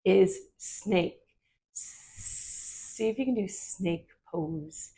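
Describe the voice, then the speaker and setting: A woman leading a children's yoga story in a gentle, questioning way. She talks slowly, with a gravelly fry in her voice. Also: mid-range voice, big pitch swings. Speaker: kids yoga teacher.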